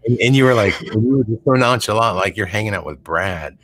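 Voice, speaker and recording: A man's voice: lowish voice, a little fast, a bit bright. A middle-aged man hosting a call-in show, chatting casually and rambling, often laughing and restarting his sentences. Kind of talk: casual chat.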